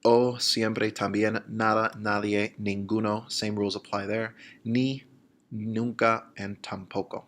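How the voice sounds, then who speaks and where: A man explaining grammar in a recorded lesson, slowing down to spell out examples. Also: fairly low pitch. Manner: steady explanatory pace, slows to spell out examples. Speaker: Spanish teacher.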